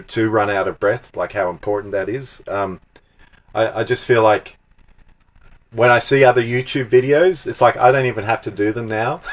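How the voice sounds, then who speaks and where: A man, a singing student, describing his experience with his coach in a hesitant way, with many fillers. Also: lowish voice. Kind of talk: testimonial interview.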